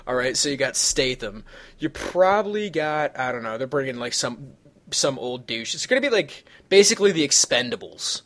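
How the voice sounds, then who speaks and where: A man's voice: mid-range voice, big pitch swings, moderate pace, a bit bright. Rambling, foul-mouthed male podcast host. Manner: rambling, profane, jumps between tangents. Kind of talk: casual podcast chat.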